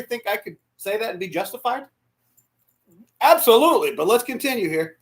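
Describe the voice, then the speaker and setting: A man preaching a sermon as pastor, emotional, dropping to near whispers and rising to shouts. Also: high voice, sing-song, rapid-fire. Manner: emotional, swings from hushed to shouting. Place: church sanctuary.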